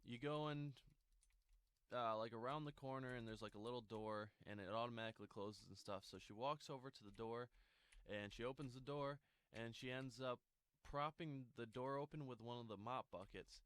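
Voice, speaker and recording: A man's voice: medium pitch, normal speed, fairly bright tone, clean tone, no echo. A young man telling a casual storytime, rambling with lots of fillers and restarts.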